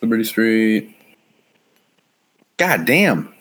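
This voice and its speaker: A man's voice: fairly low pitch, sing-song, very slow, a bit bright. A man in his thirties in casual chat, rambling through stories, laughing often and swearing. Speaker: friend chatting.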